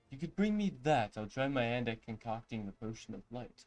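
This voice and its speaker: A man doing a slow old healer's voice. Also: mid-range voice, sing-song, a little mellow, faint music behind, voice pushed down. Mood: reassuring. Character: old village healer trying to sound elderly.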